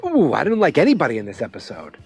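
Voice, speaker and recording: A man's voice: a little high, huge pitch swings, quick pace, darkish tone, breathy edge, faint music behind. A man hosting a podcast, recapping a TV episode in a casual, sarcastic way with lots of fillers. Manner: chatty, sarcastic, lots of fillers and quoted voices. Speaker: podcast host.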